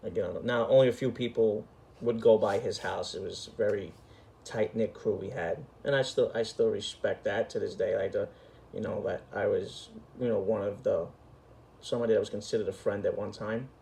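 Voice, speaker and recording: A man's voice: lowish voice, steady tone, fairly quick, vocal fry, a little mellow, a little hiss or hum. A middle-aged man, telling a story in an emphatic, profane, street-talking way. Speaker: storyteller host. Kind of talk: casual storytelling.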